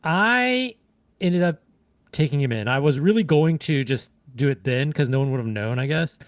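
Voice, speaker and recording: A man's voice: on the high side, lively intonation, normal speed, no room sound. A man co-hosting a podcast, chatting casually about a video game and retelling scenes with lots of fillers. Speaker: podcast co-host.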